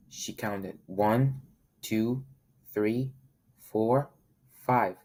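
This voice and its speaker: A man reading a children's picture book aloud as a volunteer, in a friendly, steady manner. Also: lowish voice, takes it slowly, pauses often. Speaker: volunteer storybook reader.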